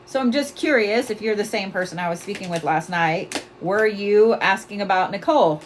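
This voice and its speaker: A woman's voice: mid-range voice, moderate pace, slight background noise. A woman hosting a psychic reading livestream, blunt and profane, laughing often and repeating her points with force. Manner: emphatic, repeats commands to the viewer. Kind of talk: casual livestream chat.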